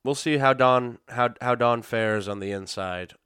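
Hosting his own podcast, a man delivers casual solo commentary, sarcastic and rambling, with sudden silly outbursts. His mid-range voice is fairly bright and smooth, a little slow, captured dry with clean studio quality.

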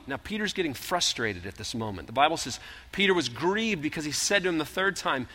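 A man preaching a sermon, retelling scripture in animated storytelling style and acting out the voices. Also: on the high side, quick pace. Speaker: pastor. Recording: long hall reverb.

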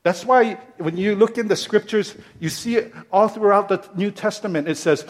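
A man preaching a sermon as pastor, repeating phrases in a steady rhythm, building to emphatic peaks and then dropping soft. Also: high voice. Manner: slow, deliberate delivery.

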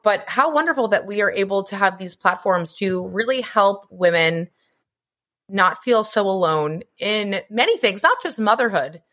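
This mid-range, slightly bright voice belongs to a woman co-hosting a podcast. In casual chat she discusses motherhood earnestly, now and then letting a swear word slip.

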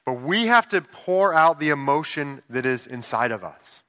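A man's voice: a little high, animated, moderate pace, sharp tone. A man in his thirties preaching a sermon, earnest and conversational, with frequent rhetorical asides to the congregation. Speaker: pastor.

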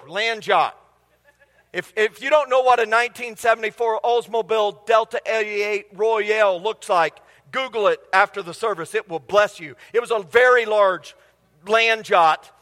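A man's voice: high-pitched, pushed and bright. A middle-aged man preaching a sermon, telling humorous family stories and quizzing his congregation. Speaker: pastor. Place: church sanctuary. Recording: long reverb of a large hall.

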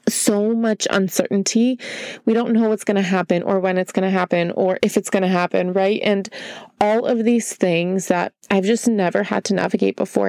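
A woman's voice: medium pitch, a little mellow, dry recording. A young woman hosting a candid solo podcast, emotional and earnest, holding back tears. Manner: emotional, earnest, repeats "right?". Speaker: podcast host.

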